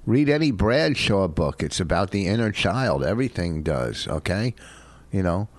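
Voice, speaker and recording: Older man, low voice, swings widely in pitch, sarcastic and gruff co-host, dry sound. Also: very animated, moderate pace, no room sound. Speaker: podcast co-host. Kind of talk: casual bickering chat.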